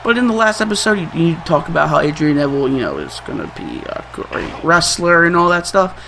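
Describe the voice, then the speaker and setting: A young man hosting a gaming channel, giving excitable, trash-talking gameplay commentary and laughing often. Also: a little high, a little fast, vocal fry, a little hiss or hum.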